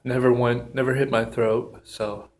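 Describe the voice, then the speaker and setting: A man speaks slowly in a casual solo review, his pitch staying flat and even. He halts often with ums and pauses. He sounds a little out of breath, sniffly from a runny nose, with his mouth still burning. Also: a little hiss or hum. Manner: halting, with many ums and pauses. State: slightly out of breath from pepper heat. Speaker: pepper reviewer.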